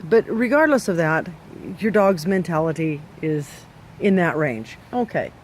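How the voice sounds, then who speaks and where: A man's voice: on the high side, lively intonation, a little slow, slight background noise. A man giving dog owners blunt training advice, emphatic and scolding, with many rhetorical questions.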